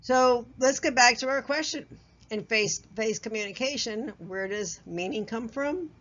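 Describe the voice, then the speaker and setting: A woman teaches a workplace communication course in a relaxed, conversational lecture. She poses questions to the listener and chuckles at her own examples. The recording is a little dull and lo-fi. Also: fairly high pitch, moderate pace. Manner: chuckles at herself, loose fillers and restarts. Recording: slightly dull lo-fi audio.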